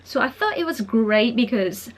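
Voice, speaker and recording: A woman from Japan talking casually to her viewers, keeping a quiet monotone voice and filling her talk with "like" and "you know". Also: a little high, moderate pace. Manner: monotone and soft-spoken, quiet so as not to disturb family; earnest, frequent fillers and small laughs. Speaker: political vlogger.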